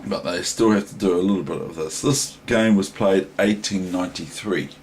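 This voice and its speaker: A man's voice: deep voice, moderate pace, darkish tone, a little hiss or hum. A man from New Zealand with a New Zealand accent, giving a casual chess lesson in a rambling, digressive way, thinking aloud. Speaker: chess teacher.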